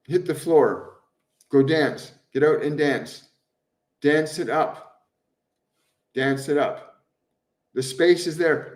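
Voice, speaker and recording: A gentle, earnest man with a slightly raised pitch speaks a little away from the mic in a roomy, echoing space. He repeats his phrases over and over for emphasis as he answers viewers on a live stream, with the occasional soft laugh. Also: slow pace, long pauses, recorded from a distance. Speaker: spiritual medium hosting a live stream. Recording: roomy echo, voice somewhat off-mic.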